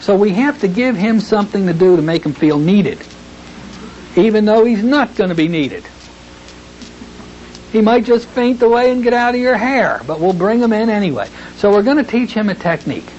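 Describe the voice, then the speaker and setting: A man explains hypnosis technique to trainees in an easygoing, folksy lecture, easing into a slow, soothing delivery when he acts out his suggestions. The recording is dull and lo-fi, with a faint hiss under the voice. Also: high voice, expressive, darkish tone. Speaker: hypnotherapy instructor.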